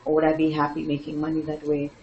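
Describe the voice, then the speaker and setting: An older woman, a dance teacher and guest, telling lively stories and acting out the voices of others. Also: low voice, quick pace, dull audio, a little hiss or hum. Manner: animated, laughing, acts out quoted voices. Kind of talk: storytelling interview answers.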